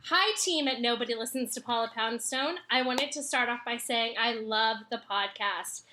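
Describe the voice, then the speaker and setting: A woman on a comedy podcast reading listener letters aloud in a measured, amused way. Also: on the high side, background noise.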